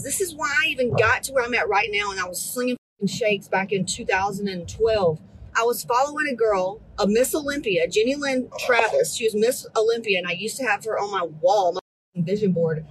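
A fitness coach in her thirties rants bluntly at her group, exasperated and profane, in a motivational tone. Her voice is fairly high and brisk, and the rough recording has slight background noise.

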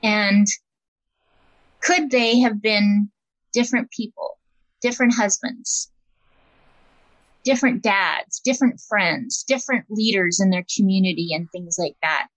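A woman's voice: mid-range voice, unhurried, long pauses, no echo, rough recording. A woman being interviewed as an empowerment coach, talking in an earnest, reflective way and often restarting her sentences. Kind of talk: casual interview conversation.

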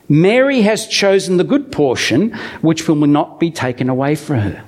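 A man delivers a chatty, story-driven sermon, reading scripture aloud and then explaining it with playful asides. His voice sits fairly high for a man and swoops up and down with lively expression. He talks to the congregation as if chatting with friends. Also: normal speed. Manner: animated storytelling with humorous asides. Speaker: preacher. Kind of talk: conversational sermon with Bible reading.

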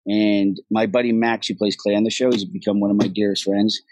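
Animated husky man telling stories. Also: fairly low pitch, brisk, no room sound, rough recording. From Ireland. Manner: animated storytelling, swears freely, acts out quoted voices. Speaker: actor guest. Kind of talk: casual podcast chat.

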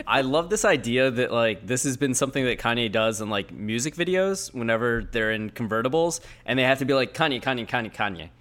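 A man's voice: medium pitch, lively intonation, fairly quick, fairly bright tone. A man in a casual chat, riffing on jokes with hesitant restarts.

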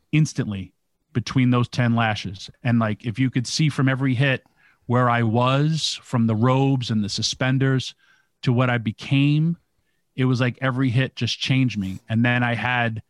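A man's voice: medium pitch, no room sound. Man telling a vivid story. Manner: vivid storyteller, filler "like" and "literally". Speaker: podcast co-host telling a story. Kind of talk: casual storytelling.

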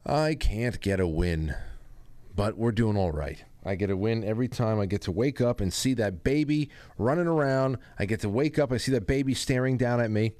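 A man's voice: lowish voice, moderate pace, a little mellow, no echo. Rambling self-deprecating male host. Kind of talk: casual monologue.

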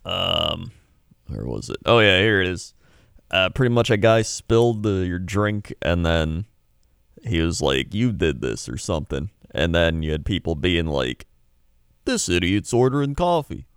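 Deep-voiced man in halting casual chat. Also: lively intonation, gravelly, fairly bright tone, clear, resonant tone, no echo, studio quality. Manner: halting, with many fillers and restarts. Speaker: podcast co-host.

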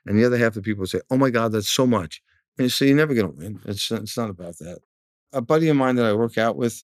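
A car dealership manager speaks frankly in a relaxed interview. His voice sits low, and he often repeats a word as he starts a sentence. The sound is dry and close, with no room echo. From New York area. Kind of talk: casual interview talk.

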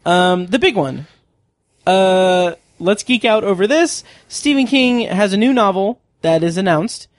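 Here a man with a high, animated voice co-hosts a podcast, speaking a little slowly in loose, rambling chat full of fillers, restarts and frequent laughs. The sound is clean studio quality with no echo.

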